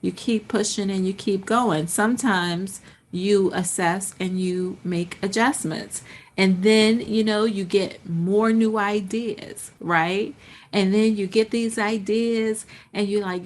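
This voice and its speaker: Woman hosting a business podcast, lively storytelling, keeps slipping into acted-out inner voices. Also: medium pitch, takes it slowly. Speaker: podcast host. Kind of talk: motivational podcast talk.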